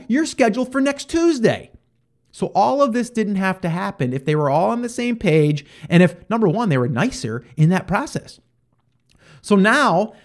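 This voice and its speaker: A male podcast host telling a story in a casual, animated way, acting out the back-and-forth of conversations with lots of fillers and restarts. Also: on the high side. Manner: animated, acts out quoted exchanges.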